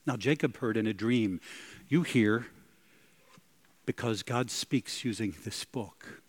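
A man's voice: on the low side, slow, slightly rough. A male pastor preaching a sermon, dramatic, breaking into gasps and soaring on emphatic lines.

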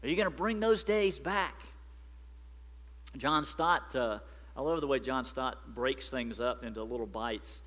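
A man preaching a sermon as pastor, animated and emphatic. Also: medium pitch, unhurried, big-room sound.

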